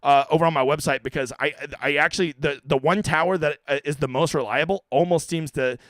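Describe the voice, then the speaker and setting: Brash fast-talking man streamer. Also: a little high, fairly even intonation, fairly bright tone, no room sound. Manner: blunt, brash, answers chat questions rapid-fire. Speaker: fantasy golf streamer. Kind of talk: casual livestream Q&A.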